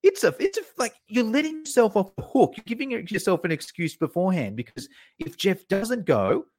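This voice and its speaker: A man with a slightly higher voice talks as a podcast guest. He tells stories in a relaxed, chatty way. He jumps into the voices of the people in his anecdotes with bursts of energy. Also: a little fast. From Australia. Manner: animated, acts out quoted people in his stories. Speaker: podcast guest, fitness educator. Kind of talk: casual storytelling interview.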